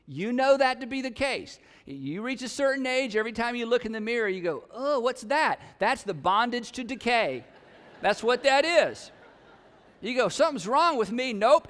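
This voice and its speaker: A middle-aged male pastor preaching a sermon in a conversational, animated way, often mimicking his listeners. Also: very high-pitched. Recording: long reverb of a large hall.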